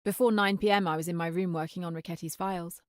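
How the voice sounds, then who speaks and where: Game role: a woman playing a diligent young assistant, quick-talking and polite, fairly low voice, dry close sound. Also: fairly even intonation, no echo, lightly acted. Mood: earnest. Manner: polite, earnest. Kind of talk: video game voice acting.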